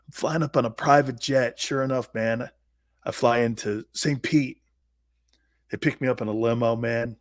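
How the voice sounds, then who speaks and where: A man's voice: medium pitch, steady tone, moderate pace, no echo, studio quality. A man in his fifties, a sports talk host and former pro player, telling personal stories in a blunt, emphatic way with salty slang. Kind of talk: animated personal storytelling.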